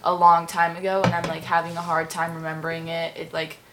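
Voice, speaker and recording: Rambling young woman, low voice. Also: monotone, a little fast, noisy background. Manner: rambling, many "like" fillers. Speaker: discussion participant. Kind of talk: casual group discussion.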